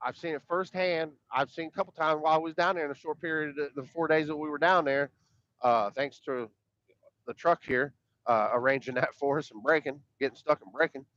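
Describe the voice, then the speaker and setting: With a slightly high, fairly bright voice and a fairly quick pace, a man co-hosts a podcast, rambling casually, swearing emphatically and often repeating words. The sound is dull, dry and lo-fi, with no echo.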